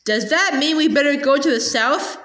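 An eager, timid young runaway boy from a storybook, earnest and a little unsure, as a woman reads him. His voice is pitched high. The room adds a clear echo. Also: moderate pace, a bit bright. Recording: roomy echo.

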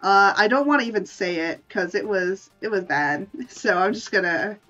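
Woman streaming and drawing, rambly and restarts a lot, kinda muffled audio with quiet music under it. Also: mid-range voice, animated, normal speed. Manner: rambling, self-correcting, laughs often. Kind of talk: casual chat while drawing.

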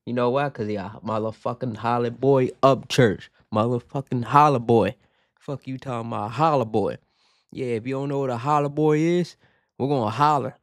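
Man, reaction host, excitable, profane, dry close sound. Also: medium pitch, no echo. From Virginia, USA. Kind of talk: casual reaction commentary. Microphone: headphones on, talking to camera.

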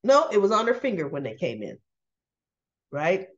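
A woman hosting a casual soap opera recap, chatty and quick to act out the characters' lines with little laughs. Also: medium pitch, very animated, dull audio. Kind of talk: casual chat.

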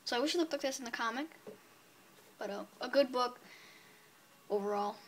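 A chatty woman with a fairly high voice talks through her week's comic books in a relaxed video review. She rambles with fillers and stays upbeat, with a faint hiss behind her. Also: brisk. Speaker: comic book vlogger.

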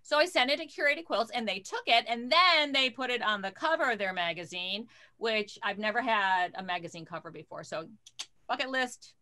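A woman's voice: a little high, expressive, moderate pace, sharp tone. A woman quilter chatting casually on a video call, rambling a little while she fiddles with sharing her screen. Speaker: guest quilter.

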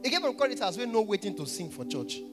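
Nigerian man, young adult, stand-up comedian, high-pitched voice, animated storytelling, faint music behind. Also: quick pace. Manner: animated storytelling, mixing Pidgin, acting out characters. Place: stage at a live show.

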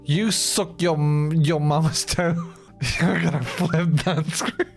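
A man streaming live, chatting casually with his viewers in an excitable, swearing, often laughing way. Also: a little high, slow, vocal fry, soft background music.

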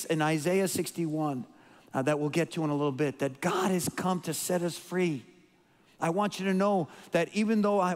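A man giving a storytelling sermon as a guest preacher, emotional and rambling, with frequent restarts and repeated words. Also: on the high side. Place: church sanctuary. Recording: long hall reverb.

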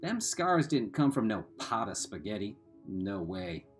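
A man's voice: fairly low pitch, big pitch swings, a little slow, faint music behind. A man reading aloud and voicing a crude teenage boy who mocks his friends in coarse slang. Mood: taunting. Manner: coarse backwoods slang, mocking.

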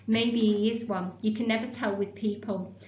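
A woman's voice: mid-range voice, fairly even intonation, normal speed, darkish tone, close to an everyday voice. A woman reading the lines of a cheerful, encouraging mother in a story. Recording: echoey, slightly dull, faint hum.

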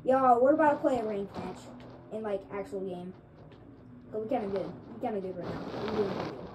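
A woman streaming gameplay, with excitable trash talk and sudden yelps. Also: medium pitch, fairly quick, background noise. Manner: excitable, trash-talking, yelps when killed. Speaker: gaming streamer. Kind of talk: live gameplay commentary.

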